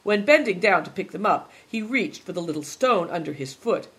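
A narrator reading a story aloud at a steady, even storytelling pace. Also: medium pitch, normal speed, slightly rough. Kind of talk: audiobook narration.

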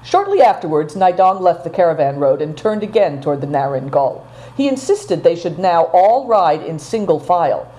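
A woman narrating a storybook, reading expressively at an even pace. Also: fairly low pitch, moderate pace, poor audio.

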